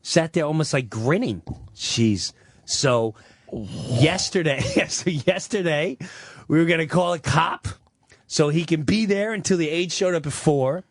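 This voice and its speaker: A man's voice: on the high side, measured pace, no echo. A man telling a long personal story on a talk radio show, acting out what other people said. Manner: animated, acts out quoted voices.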